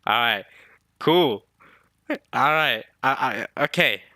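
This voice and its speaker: A man casually reading a manga chapter aloud and reacting to it, excited and thinking out loud. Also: medium pitch, no echo, studio quality. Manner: excited, thinks aloud, reads lines in quick put-on voices.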